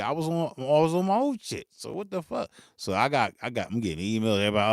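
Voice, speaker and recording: A man's voice: mid-range voice, animated, fast, few pauses, no room sound, studio quality. A man, ranting unscripted to camera about music gear, swearing freely, laughing and mimicking his critics. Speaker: beatmaker hosting his channel.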